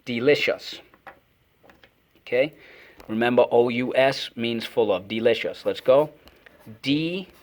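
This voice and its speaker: A man's voice: mid-range voice, a little slow, pauses often. A man teaching a phonics lesson to children, energetically calling out words and repeating them for the class to echo.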